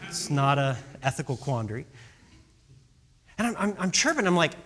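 A man with a fairly high voice speaks at a moderate pace as a youth baseball coach. He tells a lesson-bearing story in a lively, chatty manner, frequently checking in with those listening.

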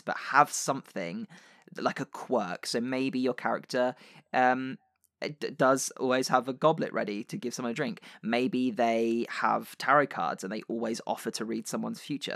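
A man's voice: mid-range voice, moderate pace, vocal fry, a bit bright, no room sound, studio quality. A man co-hosting a podcast, chatting casually and passing on tips with lots of fillers. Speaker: podcast co-host. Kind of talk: casual chat about tabletop role-play.

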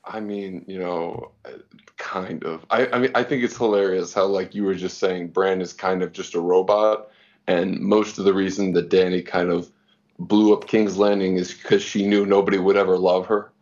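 Very deep flat guy, wry, muffled lo-fi mic. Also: moderate pace. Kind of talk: casual discussion. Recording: dull lo-fi recording.

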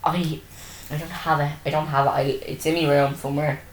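Woman, podcast host, deep-ish voice, rambly casual chat, roomy room sound. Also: little pitch movement, a little fast, a little hiss or hum. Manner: rambling, self-interrupting storytelling with many fillers. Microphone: desk microphone.

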